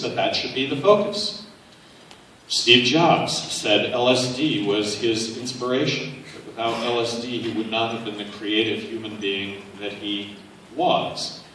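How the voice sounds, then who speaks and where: A man's voice: medium pitch, recorded from a distance, noisy background. A man giving a public campaign speech in a conversational, anecdotal way, with frequent "uh" fillers. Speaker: political speaker. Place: large university hall. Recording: echoey hall, picked up from afar.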